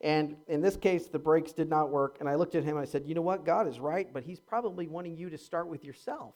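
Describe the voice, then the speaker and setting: A man preaching a sermon as a pastor, animated, swinging between loud and hushed, with stumbling repeats when he gets going. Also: fairly high pitch, brisk.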